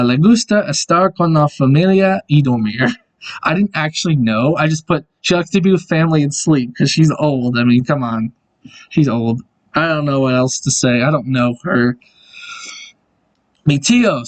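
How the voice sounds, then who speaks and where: A man's voice: on the high side, normal speed. A young man casually walking through his old school projects on screen, rambling and correcting himself, with chuckling asides. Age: young adult. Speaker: video creator. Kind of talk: casual screen-share walkthrough.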